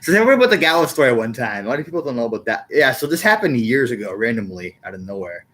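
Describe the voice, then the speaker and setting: A man hosting a casual podcast chat at an ordinary middle pitch. He rambles and halts, often repeating words as he works out what to say. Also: sing-song, quick pace, fairly bright tone. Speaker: podcast host.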